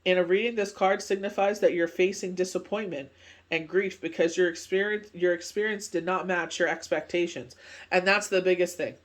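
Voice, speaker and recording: A woman's voice: fairly low pitch, steady tone, normal speed. A woman doing a casual, rambling tarot card reading, full of filler phrases and asides. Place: speaking from Canada.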